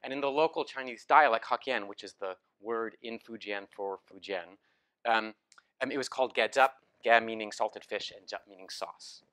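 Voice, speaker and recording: A man's voice: on the low side, normal speed, a bit bright. A man giving a lecture with slides, telling it as a story in a casual way, with many ums and restarts. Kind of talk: academic talk with slides. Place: lecture hall.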